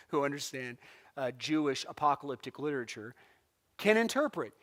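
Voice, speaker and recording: A middle-aged man from California leads a church Bible lesson, his voice sitting a little high for a man. He talks casually, acting out quotes and stories with a lively, laughing delivery. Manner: animated storytelling with acted-out quotes and laughs. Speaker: Bible class teacher.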